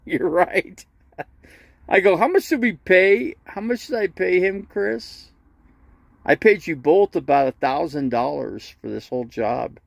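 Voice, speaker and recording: Gravelly guy rambling on his stream, laughs a lot, keeps restarting sentences, dry close sound. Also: medium pitch, dry recording. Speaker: RV vlogger telling stories on a livestream. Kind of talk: casual storytelling.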